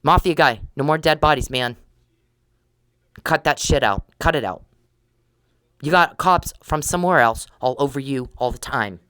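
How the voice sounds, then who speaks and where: A woman's voice: very deep voice, no echo. Blunt, profane woman ranting. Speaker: podcaster. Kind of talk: angry monologue.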